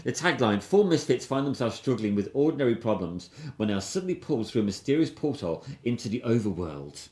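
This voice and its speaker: A man's voice: mid-range voice, expressive, brisk, hardly any pauses, darkish tone. A man hosting a film review podcast, rambling and enthusiastic in casual chat, with frequent restarts. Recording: roomy echo.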